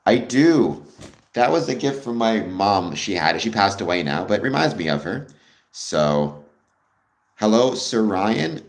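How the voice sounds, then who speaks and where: A man's voice: fairly low pitch, sing-song, measured pace. A Canadian man hosting a livestream, chatting casually with viewers in a friendly, rambling way with many ums. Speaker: livestream host.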